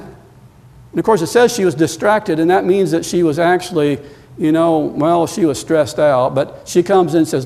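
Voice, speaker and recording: A man preaching a sermon as pastor, telling stories and climbing louder and higher when he presses a point. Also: moderate pace, creaky. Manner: storytelling, rising in pitch and volume when emphatic. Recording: long reverb of a large hall.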